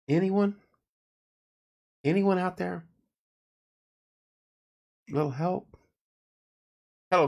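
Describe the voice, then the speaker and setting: A tired man hosting a casual late-night livestream, joking around and reading viewer comments aloud. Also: mid-range voice. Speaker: livestream host.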